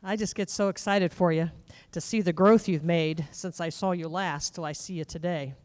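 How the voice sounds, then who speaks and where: A woman's voice: fairly low pitch, fairly even intonation, moderate pace, a little mellow. A woman emceeing a live state fair event on a corded handheld mic, folksy and enthusiastic. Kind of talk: live stage hosting. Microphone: corded handheld microphone.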